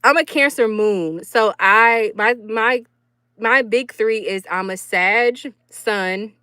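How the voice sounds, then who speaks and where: A woman's voice: mid-range voice, fairly bright tone, no room sound, studio quality. A young woman vlogger, chatting casually to her viewers and laughing often. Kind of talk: casual storytelling chat.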